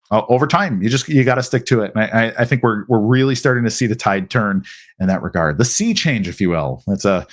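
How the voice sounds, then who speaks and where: Live-stream host, American man, mid-pitch, loose conversational delivery with restarts. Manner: conversational, frequent restarts, acts out quotes. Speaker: host answering viewer questions. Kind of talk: live Q&A chat.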